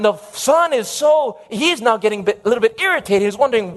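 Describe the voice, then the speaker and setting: A man's voice: extremely high pitch, lively intonation, brisk, hardly any pauses, a bit bright. A man preaching a sermon, emphatic in his delivery and often calling out for an amen. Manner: emphatic, calls for audience amens.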